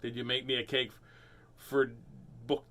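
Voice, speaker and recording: A man hosts a children's book reading stream, chatting playfully in a goofy, sing-song manner and laughing often. His mid-range voice has a sharp tone, a measured pace and little pitch movement.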